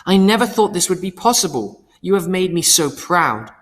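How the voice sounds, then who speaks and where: Man playing a high, shrieking, overjoyed mother. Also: big pitch swings, moderate pace. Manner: shrieking with delight. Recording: long hall reverb.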